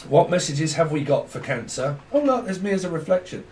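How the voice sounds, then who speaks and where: A man's voice: a little high, big pitch swings, fairly quick, a little mellow, a little hiss or hum. A man giving a casual tarot reading, rambling, laughing often and swearing freely. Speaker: tarot reader. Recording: echoey room, mic at a distance.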